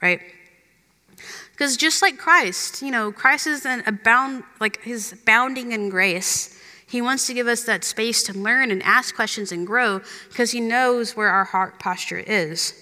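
A woman's voice: on the high side, measured pace, bright, forceful tone. A young woman giving a chatty, earnest sermon as a youth minister, full of "like" and "you know". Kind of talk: conversational sermon. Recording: long hall reverb.

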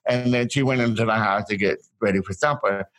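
A man telling stories from his childhood as an interview guest, in halting bursts with many restarts and repeated words. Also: lowish voice, a bit bright, rough recording. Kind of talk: casual storytelling.

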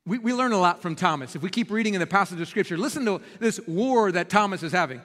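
High-voiced pastor preaching with emphasis. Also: male voice, quick pace, long reverb tail. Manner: animated, emphatic storytelling. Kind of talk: sermon. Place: church sanctuary.

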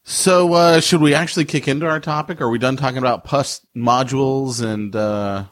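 A man co-hosting a podcast, telling stories in a relaxed, chatty way. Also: medium pitch, normal speed, no echo, studio quality. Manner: relaxed, chatty storyteller who laughs easily. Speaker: podcast co-host. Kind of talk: casual chat.

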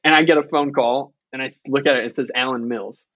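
A man's voice: mid-range voice, steady tone, fast, a bit bright, no echo, lo-fi sound. Candid man telling stories on a podcast. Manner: candid storytelling with profanity and quoted dialogue. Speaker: author and podcast guest. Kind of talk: casual podcast conversation.

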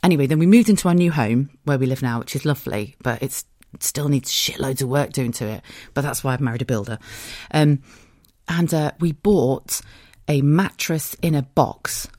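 A woman's voice: very deep voice, moderate pace, darkish tone, no echo, studio quality. A woman in her thirties with a British accent, hosting a podcast as a casual, rambling monologue and swearing freely. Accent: British English. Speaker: podcast host.

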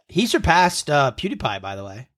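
A man's voice: a little high, fairly bright tone. A man in his thirties co-hosting a casual podcast from home, telling rambling stories and chuckling often. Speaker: podcast co-host. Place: home room.

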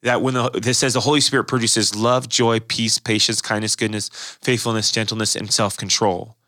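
A pastor talks through his beliefs in an earnest, explanatory way, often doubling back on words mid-sentence. His voice is bright and forceful. The sound is close and dry, with no room around it. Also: lowish voice, little pitch movement, no room sound. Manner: earnest, explanatory, quickly repeats words and restarts phrases. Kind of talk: casual church discussion.

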